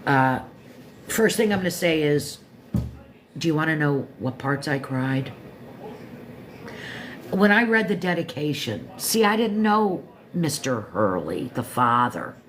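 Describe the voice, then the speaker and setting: A woman's voice: deep voice, big pitch swings, measured pace, long pauses. A woman in her fifties hosting a livestream, talking casually in a meandering, chatty way full of asides and self-corrections. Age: 50s. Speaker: livestream host reviewing a book. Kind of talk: casual rambling chat.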